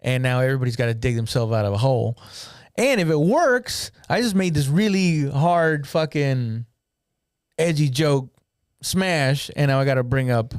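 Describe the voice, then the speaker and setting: A man of ordinary pitch talks shop on a casual podcast, rambling and restarting his sentences as he thinks aloud. The mic is close and dry, with no room sound. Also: moderate pace, clean tone, no echo. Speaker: podcast host and comedian running a show.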